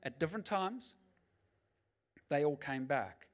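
A middle-aged man preaching as a pastor, swinging between loud urging and quiet, personal storytelling. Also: on the high side, lively intonation, a little slow. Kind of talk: sermon.

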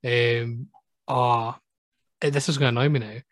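A man's voice: mid-range voice, fairly even intonation, normal speed, no echo. Rambling man co-hosting a podcast. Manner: rambling storyteller, peppers talk with "right?" and "um". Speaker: podcast co-host. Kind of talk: casual chat.

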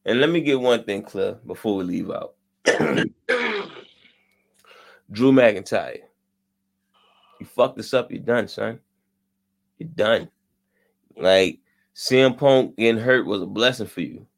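A man's voice: lowish voice, slow, vocal fry, long pauses. A man co-hosting a casual wrestling podcast, talking bluntly with slang and profanity. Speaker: podcast co-host.

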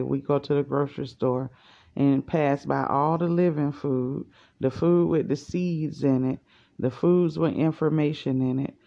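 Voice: medium pitch, gravelly. A podcaster in their forties, talking at work in a casual, rambling monologue and thinking aloud. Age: 40s. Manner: slow, unhurried, thinking aloud. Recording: dull lo-fi voice message.

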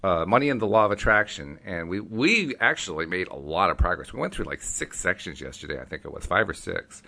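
Man host, casual chat, low voice with a bright edge, easygoing. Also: expressive, a little fast, vocal fry. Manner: chatty and easygoing, thinking aloud with restarts. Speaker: podcast host.

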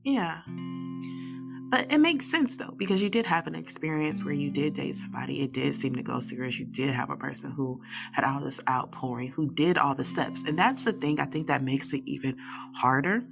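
A woman with a low, gravelly voice co-hosts a podcast in casual chat. She talks candidly and animatedly. Guitar music plays clearly behind her. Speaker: podcast co-host.

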